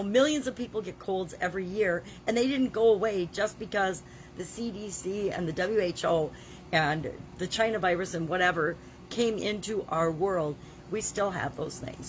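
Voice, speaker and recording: A woman in her sixties, talking casually in a daily video diary while she has a cold and a scratchy throat, chatty and emphatic with the odd cough. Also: medium pitch. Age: 60s. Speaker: vlogger.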